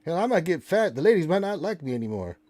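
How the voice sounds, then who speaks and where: During a tabletop role-play, a man voices a crude, wisecracking male raven who bosses the party around and begs for crackers. His voice is a little high and a little mellow, very animated and fast, with a sassy, brash, cheeky, bossy manner.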